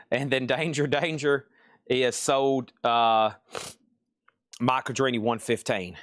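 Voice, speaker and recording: A man runs a live record sale, chatting casually and rambling between items. His voice sits at a middling pitch, and the sound is dry and close with no room echo. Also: takes it slowly, fairly bright tone. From Tennessee. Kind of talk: live sales stream.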